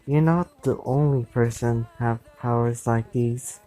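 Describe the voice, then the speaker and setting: A man's voice: mid-range voice, fairly even intonation, measured pace, dark tone, soft background music, natural voice, rough recording. A man voicing a cold, deadly young male antihero who speaks bluntly and menacingly in a fan-made story.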